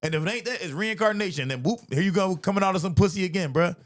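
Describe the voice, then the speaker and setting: High-voiced animated comic ranting. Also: male voice, quick pace. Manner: animated, profane, laughs often. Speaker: comedian and podcast host. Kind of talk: casual comedic rant.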